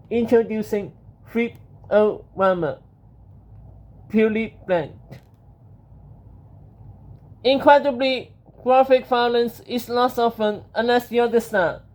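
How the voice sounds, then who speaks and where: Slow mellow reader for a storybook, steady delivery, lo-fi sound. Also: medium pitch. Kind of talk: storybook narration.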